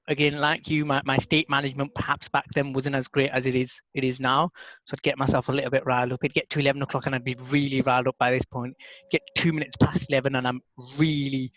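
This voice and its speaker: A man, a podcast co-host, telling a story in casual chat with lively repeats and restarts. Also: mid-range voice, rough recording. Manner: animated storyteller, repeats words when excited. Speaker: podcast co-host, NLP practitioner.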